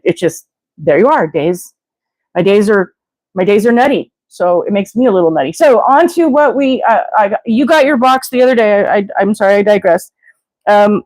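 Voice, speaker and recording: A woman's voice: medium pitch, a little mellow, dry recording. A woman hosting a casual livestream, rambling and digressing with many fillers and restarts, now and then acting out quoted voices. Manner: acts out quoted voices with exclamations. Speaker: livestream host.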